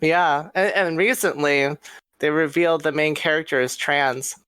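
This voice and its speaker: A man's voice: on the high side, steady tone, normal speed, a bit bright, clear, resonant tone, no room sound. A man co-hosting a podcast, chatting casually and enthusiastically about games. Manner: enthusiastic, talks through game details. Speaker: podcast co-host. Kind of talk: casual chat.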